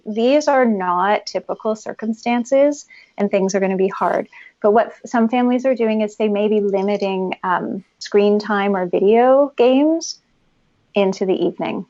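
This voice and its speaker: A woman giving expert parenting advice as a podcast guest, calm and instructive, at times guiding a breathing exercise. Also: medium pitch, muffled recording. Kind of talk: explanatory interview talk.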